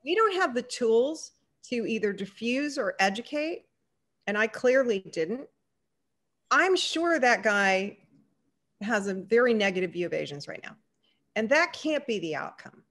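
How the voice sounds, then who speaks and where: Animated woman telling a personal story. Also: on the high side, a little slow. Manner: animated storyteller who acts out the dialogue. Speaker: panelist.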